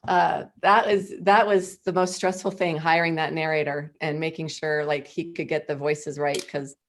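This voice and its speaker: A woman author as a guest on a casual podcast, chatty, self-deprecating and quick to laugh. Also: low-pitched, level tone.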